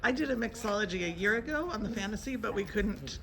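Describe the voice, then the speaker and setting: A woman's voice: mid-range voice, expressive, quick pace, vocal fry. A woman vlogging a cocktail class on a ship, chatting playfully and teasing her friend. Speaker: vlogger and cruise guest. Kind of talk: casual chat during a cocktail class. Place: ship bar during a mixology class. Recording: loud background noise in a bar.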